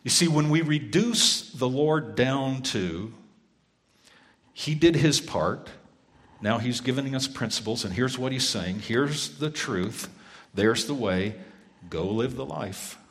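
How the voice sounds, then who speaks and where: A pastor telling a personal story in a sermon, acting out the dialogue in earnest. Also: male voice, mid-range voice, expressive, slow, in a large hall.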